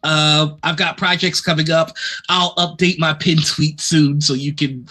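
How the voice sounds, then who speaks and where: A man's voice: fairly high pitch, steady tone, a little slow, bright, forceful tone. A man co-hosting a live-streamed chat show, talking in a playful, teasing way. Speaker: co-host.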